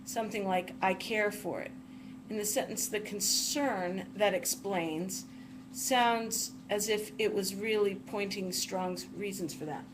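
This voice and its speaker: A woman's voice: mid-range voice, fairly even intonation, noisy background. A woman teacher giving a careful lecture on a text, reading passages aloud and breaking sentences down word by word. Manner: deliberate, spells out words one at a time while writing. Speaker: literature teacher.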